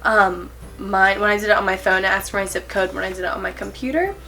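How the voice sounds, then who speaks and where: Earnest, bright-voiced eighteen-year-old woman. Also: mid-range voice, fast, soft background music. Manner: earnest, nervous, rambling with fillers and self-corrections; giggly, self-conscious laughs. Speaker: vlogger. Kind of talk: casual to-camera vlog.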